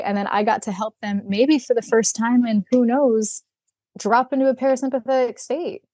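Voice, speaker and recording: A woman guest on a podcast interview, telling stories in a candid, animated way, acting out bits of dialogue and laughing often. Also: a little high, normal speed, no room sound. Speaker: guest, equine rehabilitator. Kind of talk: podcast interview, casual storytelling.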